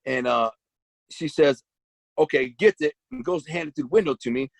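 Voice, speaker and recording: A man's voice: mid-range voice, big pitch swings, fairly quick, vocal fry, dry recording, rough recording. A man casually telling his own story in blunt street slang, with frequent restarts.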